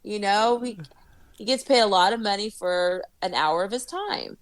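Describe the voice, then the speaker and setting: A woman as a podcast guest in casual chat, telling animated stories, swearing freely and laughing often. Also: medium pitch, moderate pace, dry recording.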